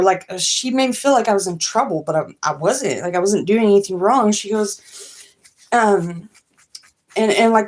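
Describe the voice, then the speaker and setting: Woman stream host, casual dream telling, halting and rambling. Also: medium pitch. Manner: rambling, halting, many fillers and restarts. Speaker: tarot reader and livestream host. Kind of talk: casual livestream dream retelling.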